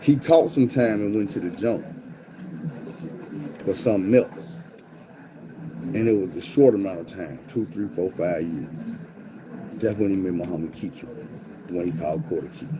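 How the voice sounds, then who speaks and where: A man tells a story in casual, profane street slang, acting out quotes with animated swings in his voice. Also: low voice, moderate pace, pauses often, noisy background.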